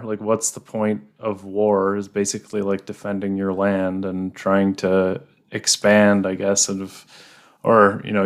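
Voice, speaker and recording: A low-voiced man from Canada chatting casually as co-host. He talks in halting bits, restarts often and laughs easily. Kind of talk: casual chat.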